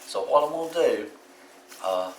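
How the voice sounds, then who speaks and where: A man's voice: mid-range voice, lively intonation, slight background noise. Folksy Southern man, roomy and distant. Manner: plain, folksy, unhurried advice. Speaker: YouTube host. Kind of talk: casual how-to talk. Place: his home kitchen.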